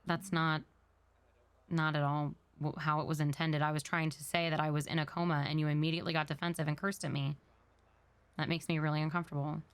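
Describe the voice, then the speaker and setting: A woman speaks in character during a role-play scene, low in pitch with a smooth, clean tone. She is earnest and explains her feelings at length. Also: little pitch movement, fairly quick.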